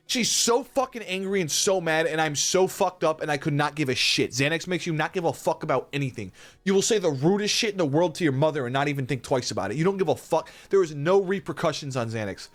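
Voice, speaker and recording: Brief: young male streamer, high voice, swears constantly, rambles and cracks up, faint music behind. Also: a bit bright. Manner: profane, rambling, laughs a lot. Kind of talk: casual storytelling on a live stream.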